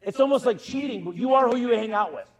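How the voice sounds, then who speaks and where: A middle-aged man giving an energetic conference keynote from a stage, punchy and emphatic, talking straight to the crowd. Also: very high voice, fast talker, rough recording. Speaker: keynote speaker.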